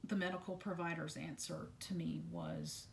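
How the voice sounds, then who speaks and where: A woman with a somewhat low voice tells a personal story straight to her camera, stopping and restarting often and repeating words. Her speech is blunt, with swearing. A faint low rumble sits under the recording. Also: fairly even intonation, moderate pace, vocal fry. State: still detoxing from medication at filming. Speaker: vlogger sharing a personal story. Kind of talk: unscripted personal account to camera.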